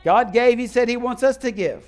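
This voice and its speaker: A man preaches in a church sanctuary, his voice pitched notably high. He calls questions out to the congregation as he goes. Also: normal speed, darkish tone. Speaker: pastor. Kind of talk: sermon.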